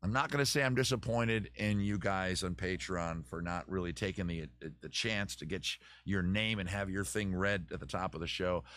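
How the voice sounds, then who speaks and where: A man's voice: low-pitched, moderate pace, hardly any pauses, fairly bright tone, no room sound. A man hosting his live-stream chat show close to the microphone, rambling, joking and poking fun at himself. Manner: rambling, joking and self-mocking.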